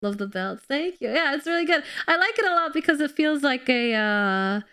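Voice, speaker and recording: A woman streaming a game, chatting casually and excitedly with her viewers while slightly ill and coughing. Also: high-pitched, normal speed. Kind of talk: casual live-stream chat while playing.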